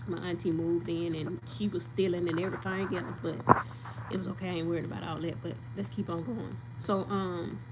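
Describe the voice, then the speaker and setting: A woman's voice: fairly low pitch, level tone, a little fast, very noisy. Emphatic woman venting her story. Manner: emphatic, venting, talks straight to viewers. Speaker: vlogger telling her story. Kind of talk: casual storytelling rant.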